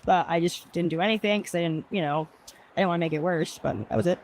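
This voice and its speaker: A woman's voice: on the low side, steady tone, quick pace, a little hiss or hum. A woman describing a road accident she was in, hesitant and rambling, outdoors at a roundabout. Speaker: driver in an accident. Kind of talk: street interview.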